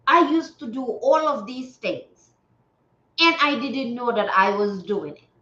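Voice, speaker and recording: A woman's voice: fairly high pitch, lively intonation, unhurried, sharp tone. A woman from Gambia hosting a spiritual livestream, talking in an earnest, preachy way and repeating phrases for emphasis. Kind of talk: casual livestream talk. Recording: roomy, dull lo-fi sound.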